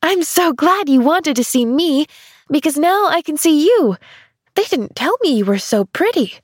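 A woman's voice: high voice, very animated, unhurried, no room sound, clean studio sound, voice pushed up. A woman voicing a cheerful, eager little girl who gushes breathlessly in a storybook reading. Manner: gushing, breathless and exclamatory.

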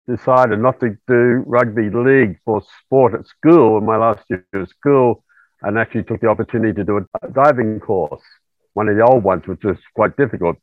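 A middle-aged Australian man speaking as a guest over a remote call, talking in an unhurried way with many fillers. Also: mid-range voice, no echo. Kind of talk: remote interview. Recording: tinny call line, very dry.

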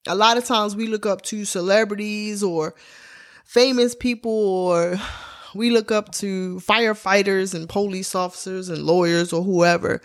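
A woman's voice: medium pitch, fairly even intonation, unhurried. Heartfelt woman in her forties. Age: 40s. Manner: casual, slangy, heartfelt storytelling. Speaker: podcast host. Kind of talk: candid personal monologue.

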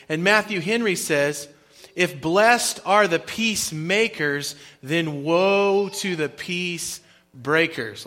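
A man preaching a sermon as pastor, with emphatic, rhythmic repetition and sudden drops into quiet asides. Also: on the high side. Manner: emphatic preaching, rising and dropping volume for effect; repeats phrases in a rhythmic cadence.

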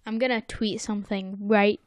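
A woman's voice: mid-range voice, steady tone, moderate pace, dry recording. An American woman co-hosting a podcast, recapping a cartoon episode in casual chat and playfully acting out the characters. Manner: playful, acts out characters in quotes. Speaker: podcast co-host.

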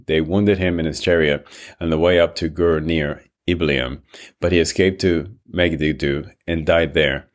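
A man reading scripture aloud in a measured, steady narration. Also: sits low.

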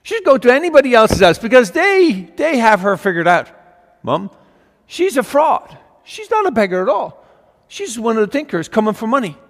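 A man's voice: extremely high pitch, big pitch swings, moderate pace, long reverb tail, voice pushed up, heavily acted. A man voicing his eleven-year-old self as a defiant boy asking rising, pleading questions. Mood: indignant.

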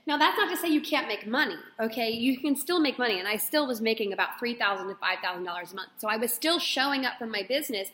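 A young woman telling a personal story on her podcast, rambling and expressive with lots of fillers. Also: a little high, fast talker, hardly any pauses. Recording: echoey room with long reverb.

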